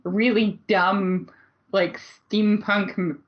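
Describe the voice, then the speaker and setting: A woman's voice: medium pitch, level tone, extremely slow, highs cut off, a little hiss or hum. A woman co-hosting a podcast, recapping a movie in a casual, blunt way and laughing often. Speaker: podcast co-host.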